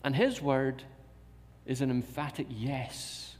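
A man's voice: medium pitch, slow pace. Man preaching in a reverberant hall. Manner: repeats key phrases and asks rhetorical questions. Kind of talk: sermon. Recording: long reverb of a large hall.

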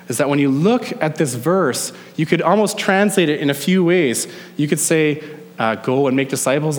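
A male pastor preaching a sermon, emphatic, slowing down to stress key phrases. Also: fairly high pitch, in a large hall. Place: church sanctuary.

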